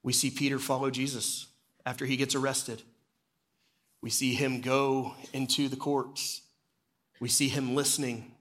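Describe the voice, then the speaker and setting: A man's voice: flat delivery, unhurried, pauses often. Man preaching a storytelling sermon. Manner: storytelling, drops low and quiet for solemn moments. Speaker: executive pastor.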